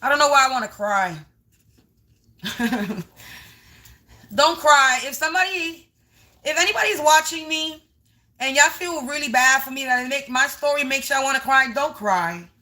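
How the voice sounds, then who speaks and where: A woman's voice: high voice, lively intonation, normal speed, sharp tone. A woman doing a casual spiritual reading on a livestream from home, emphatic and repetitive, talking straight to her viewers.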